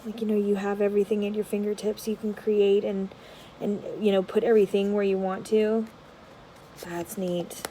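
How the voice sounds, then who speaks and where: A woman vlogger giving casual unboxing commentary, rambling with many filler words and dropping into soft, half-murmured asides. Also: mid-range voice, little pitch movement, moderate pace, a little hiss or hum, rough recording. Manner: drops to a soft whisper at times. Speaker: tarot vlogger.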